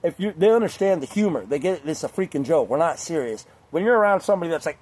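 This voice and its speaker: A young man talking casually to camera in a crude, rambling way, laughing often and mimicking others in high voices. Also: animated, quick pace, a little mellow. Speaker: vlogger.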